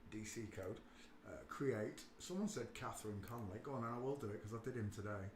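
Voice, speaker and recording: A man hosting a casual livestream, talking emphatically and swinging between quiet muttering and loud outbursts. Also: fairly low pitch, a little fast, reverberant, a little hiss or hum. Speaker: livestream host.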